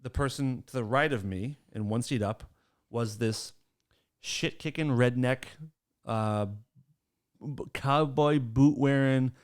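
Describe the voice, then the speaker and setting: This man co-hosts a podcast and speaks at a medium pitch, slowly and smoothly. In a casual chat he teases his co-hosts, swears freely and tells stories with lots of energy.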